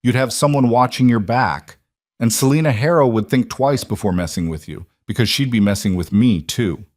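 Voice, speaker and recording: Man doing a calm, blunt lone cowboy. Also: medium pitch, moderate pace, no room sound, studio quality, close to an everyday voice. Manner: calm, level, matter-of-fact.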